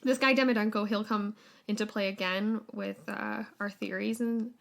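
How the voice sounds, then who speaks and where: A woman co-hosts a conversational podcast, talking casually and filling her sentences with "like" and "um." Her voice sits at a middle pitch, and she laughs easily as she relays her research. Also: steady tone, normal speed, gravelly. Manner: chatty, full of fillers and laughs, relays research. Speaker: podcast co-host.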